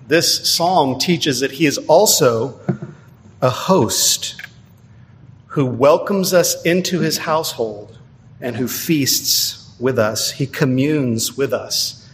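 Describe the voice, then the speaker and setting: A male preacher delivering a measured, emphatic sermon, slowing down to stress key phrases. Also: medium pitch, a bit bright. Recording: long hall reverb.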